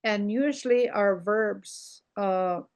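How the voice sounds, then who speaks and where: An older woman teaching a language lesson over a video call, slow and patient, repeating words for her learners. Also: mid-range voice, a little mellow.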